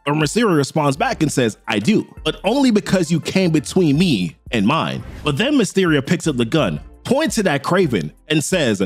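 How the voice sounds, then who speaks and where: Man, higher voice, lively swooping pitch, casual comic recap, faint music underneath. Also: moderate pace, few pauses. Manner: animated, slangy retelling that voices each character's lines. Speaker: comic book recap host.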